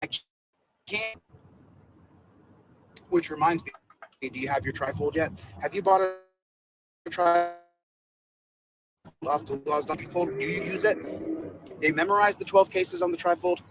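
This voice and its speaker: A man's voice: high-pitched, wildly swooping pitch, a little slow, vocal fry, long pauses, noisy background. A man in a played clip giving a repetitive, stumbling rallying monologue to his followers.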